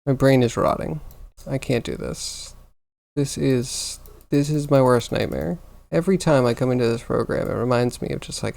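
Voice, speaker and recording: Exasperated gravelly-voiced male streamer. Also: medium pitch, darkish tone. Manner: exasperated venting, complaining aloud to viewers. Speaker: livestreamer. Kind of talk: casual livestream chat while working on a computer.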